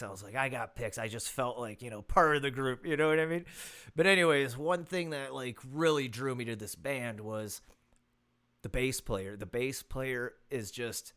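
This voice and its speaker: A man's voice: medium pitch, fairly bright tone, clear, resonant tone. Rambling man hosting a casual podcast. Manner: rambling, loose, with many fillers and swearing. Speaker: podcast host. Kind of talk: casual solo podcast monologue. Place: rural property. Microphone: phone.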